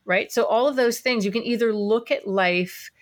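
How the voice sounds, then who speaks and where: Woman host, warmly affirming, long flowing chat. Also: on the high side, moderate pace. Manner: enthusiastic, affirming, talks in long run-on thoughts. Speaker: podcast host. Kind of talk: casual interview chat.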